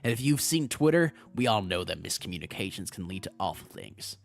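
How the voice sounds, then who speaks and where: A young man chatting casually on a livestream as a VTuber streamer, excitable, laughing often and swearing freely. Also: low-pitched, fairly quick, gravelly.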